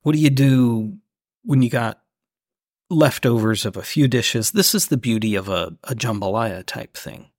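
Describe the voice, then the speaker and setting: Gravelly Southern man, teasing and deadpan. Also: mid-range voice, measured pace, no echo, studio quality. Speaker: podcast co-host. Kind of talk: casual chat.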